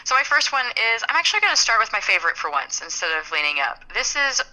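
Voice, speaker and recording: A woman's voice: a little high, very animated, fast talker, bright, forceful tone, low-quality recording. A young adult woman co-hosting a casual podcast chat, talking in a rambling way and stammering now and then as she looks for words. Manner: chatty, rambling, stammers when searching for words. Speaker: podcast co-host.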